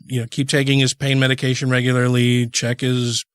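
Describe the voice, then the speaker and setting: A man's voice: medium pitch, monotone, a little fast, clean tone, no echo, clean studio sound. A man co-hosting a podcast, telling a long story casually, full of restarts and "you know"s. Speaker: podcast co-host.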